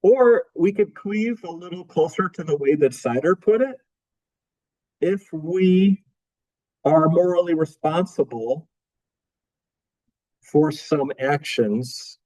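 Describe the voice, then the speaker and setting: A man's voice: a little high, slow, pauses often, warm tone, low-quality recording. A man teaching a philosophy class in a casual lecture style, asking the students rhetorical questions and repeating his key phrases. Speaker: philosophy professor.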